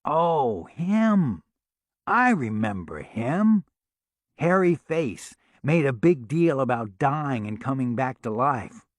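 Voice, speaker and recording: A man's voice: medium pitch, big pitch swings, slow pace, no room sound. A man voicing a mischievous male trickster god from an audiobook, boastful and playful. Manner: boastful, playful, laughs at his own tales.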